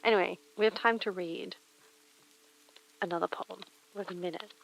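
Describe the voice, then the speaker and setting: A young woman streamer chatting softly and reading poems aloud in a breathy, near-whispered voice through a retro telephone-style mic filter. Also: fairly low pitch, fairly even intonation, normal speed. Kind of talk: casual chat and poetry reading. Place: home streaming room. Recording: filtered lo-fi mic with faint rain.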